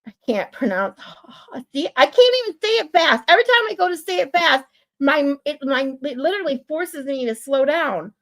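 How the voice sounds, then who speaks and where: A woman with a Michigan accent and a high, nasal voice, chatting casually on a livestream, laughing often. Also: big pitch swings, moderate pace, a bit bright. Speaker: livestream co-host. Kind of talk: casual chat.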